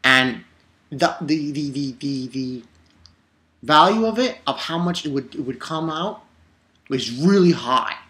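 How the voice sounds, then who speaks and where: A man talks through an anime episode in a loose, excitable recap, swearing now and then. His voice sits a little high and has a bright, forceful edge. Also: unhurried. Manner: excitable, animated retelling with swearing. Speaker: anime reviewer.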